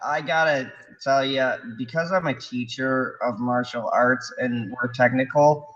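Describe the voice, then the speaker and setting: A man's voice: medium pitch, steady tone, unhurried, fairly bright tone, highs cut off. A man who teaches martial arts, chatting casually as a guest and ranting in a laid-back way. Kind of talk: casual fan chat.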